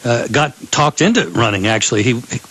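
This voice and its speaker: An older man speaking as a guest on a radio interview, measured and hesitant with frequent fillers. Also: mid-range voice, animated, a bit bright, breathy edge, poor audio. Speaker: guest, gun rights advocate.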